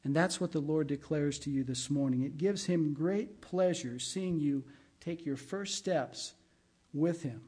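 A man's voice: on the high side, measured pace, a little mellow, husky. A middle-aged man, a pastor, giving a sermon in a conversational way and weaving in personal stories. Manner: conversational preaching with personal anecdotes.

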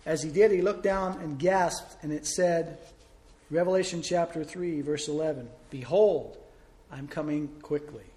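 A man preaching a sermon as a pastor, telling a story with big swings between loud emphasis and soft, slow pauses. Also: fairly high pitch, steady tone.

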